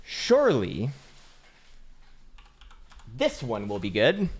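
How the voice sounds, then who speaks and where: A man's voice: huge pitch swings, extremely slow, breathy edge, heavily acted. A man voicing a frantic male crypto bagholder who squeals and curses at the analyst. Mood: furious. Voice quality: high strained squeal, yelling and cursing. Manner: frantic, mocking, shouty.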